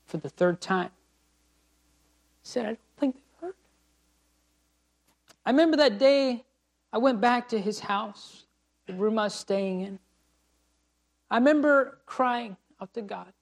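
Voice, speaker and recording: A man's voice: high-pitched, unhurried, pauses often. Impassioned preacher man. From United States. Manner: impassioned, rising to pleading cries and dropping to quiet. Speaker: missionary preacher. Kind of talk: sermon.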